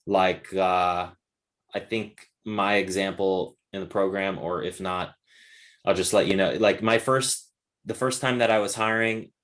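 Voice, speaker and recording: A man with a very low voice hosts a question-and-answer webinar over a video call. He talks loosely and encouragingly, with plenty of fillers. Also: unhurried. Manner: relaxed, filler-heavy, encouraging. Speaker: webinar host and course instructor. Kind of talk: casual Q&A chat.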